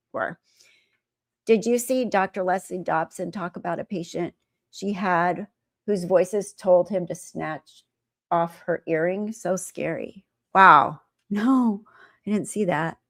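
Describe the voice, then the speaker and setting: A woman's voice: medium pitch, no echo. Chatty woman live-stream host, dry sound. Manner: chatty, animated storytelling. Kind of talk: casual live commentary reading chat.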